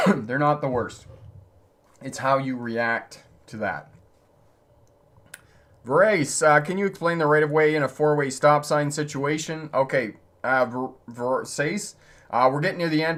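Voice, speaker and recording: A man's voice: on the high side, animated, normal speed, fairly bright tone. A male driving instructor answering viewer questions on a live stream, talking in a conversational way and laughing often.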